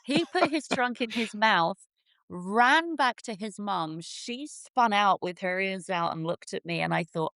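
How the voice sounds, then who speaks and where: Woman from england telling her story, kinda gravelly, dry close sound. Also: mid-range voice, animated, measured pace, fairly bright tone, no echo. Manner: earnest, vivid storyteller. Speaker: sanctuary founder, guest. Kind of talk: storytelling in an interview.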